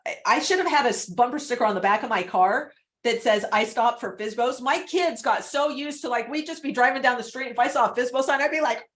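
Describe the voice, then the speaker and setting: Chatty, animated woman coach. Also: sits high, fast. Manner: chatty and animated, laughs often. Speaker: real estate prospecting coach. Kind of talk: coaching call.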